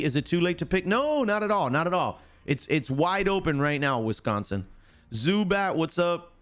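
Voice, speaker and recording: A man's voice: high-pitched, a bit bright. A man hosting a live stream, casually chatting, joking and teasing viewers by name as he explains a picks game. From United States. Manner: joking, teases chatters, greets them by name.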